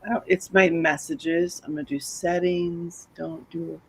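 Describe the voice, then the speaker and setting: Animated, laughing woman co-host. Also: fairly low pitch, unhurried, a little hiss or hum, poor audio. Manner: animated storyteller who laughs often. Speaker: podcast co-host. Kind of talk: casual chat.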